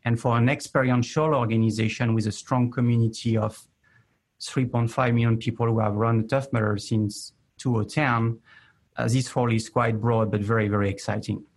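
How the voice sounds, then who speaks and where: A man from France with a French accent, a marketing executive speaking in a measured, slightly hesitant way. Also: mid-range voice, steady tone. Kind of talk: interview talk.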